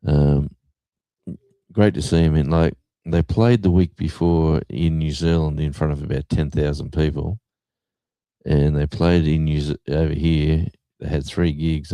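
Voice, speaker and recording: A man's voice: rumbling low, vocal fry, warm tone, dry recording. A middle-aged man hosting a livestream, chatting casually and rambling with lots of fillers. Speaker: livestream host.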